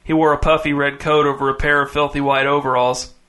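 A man's voice: on the high side, flat delivery, fairly quick, bright, forceful tone. A man reading a story aloud in scripted narration, with a dry, wry delivery.

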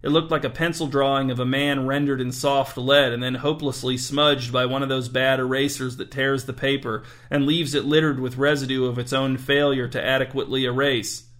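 A man narrating a story aloud in a dry, deadpan manner. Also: medium pitch, a little fast, few pauses.

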